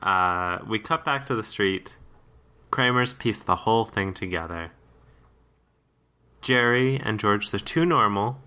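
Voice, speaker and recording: A Canadian man co-hosting a casual podcast chat, animated and quick to laugh. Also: fairly low pitch. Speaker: podcast co-host.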